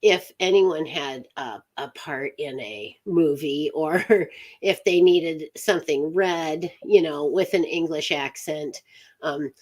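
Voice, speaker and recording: A woman's voice: sits low, slow pace. A woman from upstate New York hosting a witchcraft chat show, talking in a rambling, chatty way with frequent laughter. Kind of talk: casual live chat.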